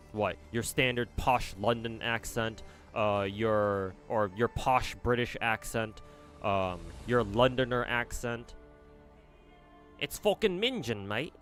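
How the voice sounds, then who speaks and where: Young male gaming streamer, rambling and cussing, mid-pitch, faint music behind. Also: a bit bright, clean tone. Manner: rambling, profane, answers chat messages. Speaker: gacha game streamer. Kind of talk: casual livestream chat.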